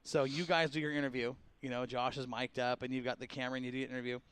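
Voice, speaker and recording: Animated man telling a story. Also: mid-range voice, racing, smooth, no echo. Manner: animated storyteller who laughs often and acts out quotes. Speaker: radio show host. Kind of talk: casual storytelling chat.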